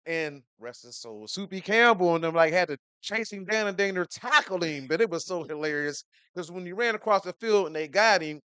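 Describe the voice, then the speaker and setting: A man's voice: high-pitched, expressive, fairly quick, few pauses, sharp tone, clear, resonant tone, dry recording. A man hosting a podcast in casual chat, laid-back and fond of telling stories, repeating words as he goes. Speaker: podcast host.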